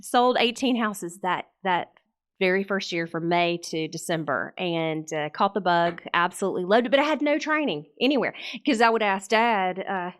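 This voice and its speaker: Podcast guest: woman in her 40s, lively, laughs a lot as she tells her story. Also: mid-range voice, normal speed, clean tone. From Mississippi. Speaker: podcast guest, real estate coach. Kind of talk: casual interview chat.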